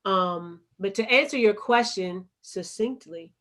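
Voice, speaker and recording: A woman's voice: medium pitch, a little slow, fairly bright tone. A woman with a Chicago accent, a poet and activist telling her story as a guest in an interview, earnest and emphatic. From United States.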